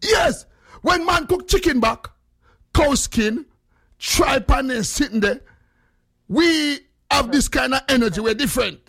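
Jamaican guy hosting a chat, high voice bouncing all over, dry close sound, loves telling stories. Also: a little slow, gravelly, husky, no room sound. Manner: animated storyteller, mixes in patois. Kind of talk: casual chat.

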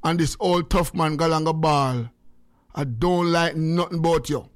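A man's voice: on the high side, normal speed, no room sound, clean studio sound. An older man in his sixties with a Jamaican accent, hosting a radio show in rambling, jokey casual chat. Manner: rambling, jokey, repeats phrases. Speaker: radio host.

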